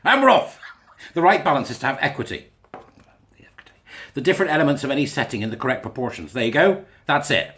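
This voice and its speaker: A man's voice: medium pitch, lively intonation, fast, long pauses, a bit bright. Guy mocking what he reads out, swears a lot, middling voice. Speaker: commentator reading and rebutting a school policy. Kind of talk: ranting commentary.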